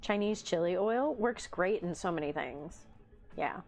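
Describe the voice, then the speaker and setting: Woman stream host, unhurried, teasing chat banter with lots of laughter, animated pitch, faint music underneath. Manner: laughs often, playful teasing reactions to chat. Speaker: livestream host. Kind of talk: casual chat reading live chat.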